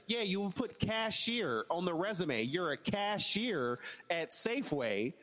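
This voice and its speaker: A man's voice: sits high, very animated, a little slow, pushed and bright. Joking profane man, reverberant sound. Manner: loose, profane, joking storytelling. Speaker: podcast host. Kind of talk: casual live podcast chat.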